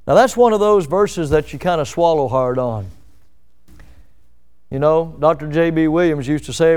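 A man's voice: a little high, moderate pace, a little mellow, smooth. A man preaching a sermon, emphatic, asking rhetorical questions and acting out quotes. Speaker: pastor.

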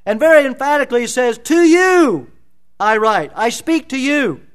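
A man's voice: very high-pitched, lively intonation, a little fast, fairly bright tone, clean tone. A man preaching an expository sermon in a church, emphatic and full of rhetorical questions. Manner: emphatic, rhetorical questions, dramatic voicing of scripture.

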